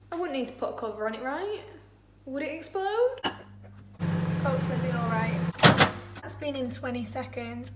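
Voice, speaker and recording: A hoarse young woman, chatting casually through a home baking vlog, self-deprecating and talkative. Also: on the high side. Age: young adult. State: hoarse, lost voice. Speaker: vlogger. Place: home kitchen. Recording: echoey kitchen, faint noise.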